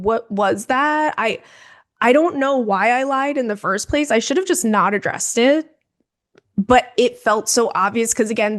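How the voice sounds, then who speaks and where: Gossipy young woman with a raised voice. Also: fairly high pitch. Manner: gossipy, animated storytelling with quoted voices. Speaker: podcast co-host. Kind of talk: casual chat.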